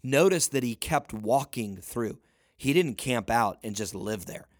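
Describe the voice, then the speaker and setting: In a studio-quality recording with no room sound, a man with an expressive, medium-pitched voice talks at a measured pace. He's a leadership coach giving a motivational talk, emphatic and fond of saying "listen," his voice swelling to near-shouting peaks.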